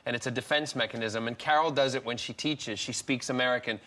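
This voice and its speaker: A man's voice: medium pitch, fast, sharp tone, slight background noise. A man in his fifties from Scotland, co-author of a book, speaking enthusiastically as a guest and teasing his sister. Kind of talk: interview guest.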